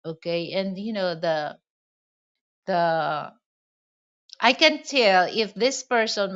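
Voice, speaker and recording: A woman's voice: lowish voice, lo-fi sound. A woman from the Philippines with a Filipino accent, chatting casually in a rambling way with many "you know" fillers. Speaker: vlogger. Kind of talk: casual monologue.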